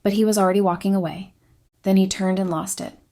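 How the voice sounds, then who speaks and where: Reading a first-person confession from a script, a woman narrates a story at a middle pitch for a female voice. She talks fast, yet her delivery remains quiet, subdued and steady.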